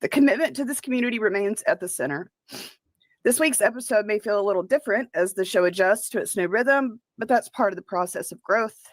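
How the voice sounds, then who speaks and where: A woman reading a scripted statement about her show in a measured, formal way. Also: mid-range voice, no room sound. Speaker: show announcer.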